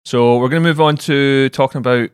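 A man hosting a casual podcast chat, steering the talk in a relaxed, chatty way. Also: mid-range voice, a little fast, clean tone, no echo, studio quality. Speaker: podcast host.

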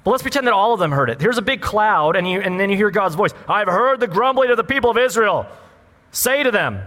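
A man with a high voice delivers a lively sermon as a pastor. He keeps asking his listeners questions as he preaches. His voice rings with the long reverb of a large hall. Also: brisk. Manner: animated preaching, rhetorical questions.

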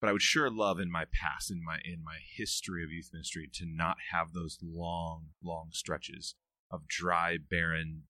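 A middle-aged man talking about youth ministry in a casual podcast interview, telling stories with earnest energy and quick laughs. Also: sits low, fairly even intonation, pushed and bright, no echo.

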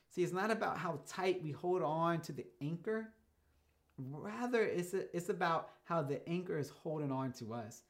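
A man's voice: on the high side, lively intonation. A man preaching a sermon as a pastor, telling stories in a casual, conversational way and shifting his pace for emphasis. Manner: casual storytelling preacher, speeds up and slows down for emphasis.

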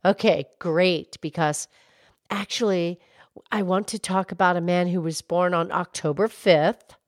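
A woman voicing a gentle female cow who calmly explains history on a children's show. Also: on the low side, unhurried, no room sound, clean studio sound, natural voice. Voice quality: calm, explanatory, hesitant restarts. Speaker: co-host, explainer.

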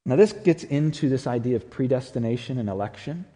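A man's voice: mid-range voice, expressive, a little fast. Earnest man preaching in a hall. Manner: earnest, swings from loud to hushed. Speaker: pastor. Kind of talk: sermon. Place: church sanctuary. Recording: long reverb of a church hall.

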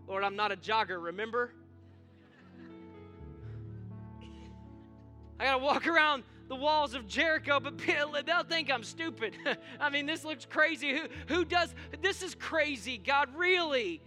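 Man doing a whiny impatient believer, comic pleading, exasperated, very high voice, sharp tone. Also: animated, moderate pace, few pauses, soft background music, full character voice.

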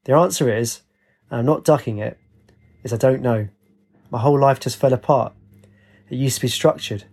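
A man's voice: mid-range voice, normal speed, darkish tone, close to an everyday voice. A man voicing a blunt, sarcastic homeless former soldier who mutters and mocks. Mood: weary.

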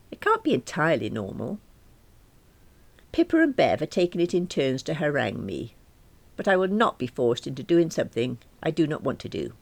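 A woman reads a diary-style story aloud with a wry, dry delivery. Her voice has a gravelly texture and rises and falls a great deal. The sound is close and dry, without room reverb. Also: a bass voice. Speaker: reader.

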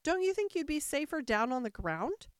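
A well-mannered, gentle girl speaks with soft curiosity and a touch of doubt, as a woman reading the story gives her voice. Her pitch moves lively up and down, and the sound is dry and near. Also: normal speed, dry recording. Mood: polite. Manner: polite, gentle, a little doubtful.

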